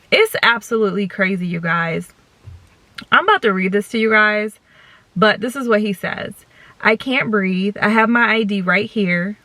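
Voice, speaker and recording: A woman's voice: medium pitch, fairly bright tone, dry recording. A young woman vlogger talking earnestly and directly to her viewers, recording from a parked car. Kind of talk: casual chat to camera.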